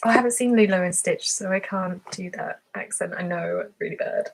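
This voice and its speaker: A woman's voice: on the low side, normal speed, creaky. A woman hosting her ASMR channel's live stream who chats casually, reads out viewer comments and giggles often. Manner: chatty and giggly, laughs often.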